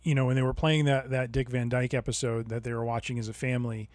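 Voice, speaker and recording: Casting note: even-voiced man, reflective podcast co-host, dry mic. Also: mid-range voice, fast, dry recording. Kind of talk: casual chat about TV.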